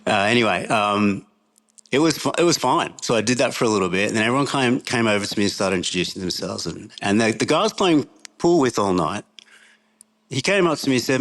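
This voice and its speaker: Speaking quickly in a fairly low voice, a middle-aged Australian podcast guest rambles casually through a long story. He's relaxed and frequently bursts out laughing along the way.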